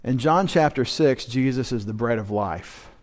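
A pastor delivers a midweek sermon in church, lecturing at a moderate pace with a slightly mellow voice. He raises his pitch and volume to stress key words and tosses wry asides to the congregation.

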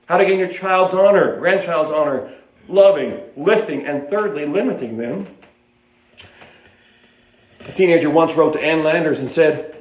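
An older man preaching a sermon in a folksy, rambling way, with restarts and asides, in an echoey hall. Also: high voice.

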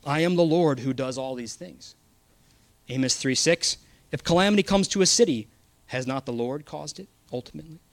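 A man's voice: on the high side, moderate pace, no echo. A man preaching a sermon, earnest and emphatic, reading scripture aloud.

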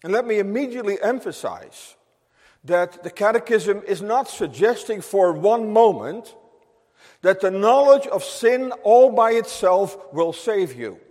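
A man's voice: high-pitched, expressive, unhurried, darkish tone, big-room sound. A man preaching a sermon to his congregation in an earnest, emphatic way, repeating key phrases for weight. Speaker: pastor.

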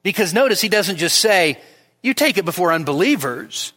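A man's voice: high-pitched, sing-song, normal speed, pushed and bright, in a large hall. A male pastor giving an expository midweek sermon, teaching with emphasis and often restarting his words. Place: church hall.

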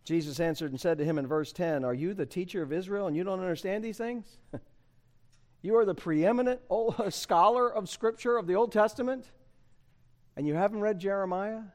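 A man's voice: high voice, a little fast. A man preaching a sermon, emphatic and conversational, asking the congregation rhetorical questions. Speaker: pastor.

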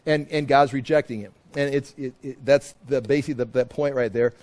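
A man's voice: medium pitch, fairly even intonation, a little fast, a little mellow. A man teaching a Bible passage verse by verse in a conversational way, often restarting and repeating phrases and acting out quoted voices.

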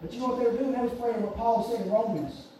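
High, echoey preacher man. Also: quick pace. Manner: emphatic and repetitive, swinging from shouts to hushed tones. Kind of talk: sermon. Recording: echoey room, voice far from mic, faint hiss.

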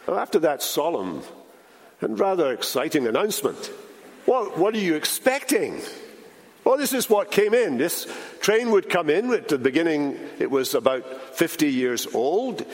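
A man preaching a sermon as pastor, emphatic, slowing down and dropping his voice for weight. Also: sing-song. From Britain. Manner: emphatic, with dramatic slowdowns and drops in pitch. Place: large church sanctuary. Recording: church hall reverb.

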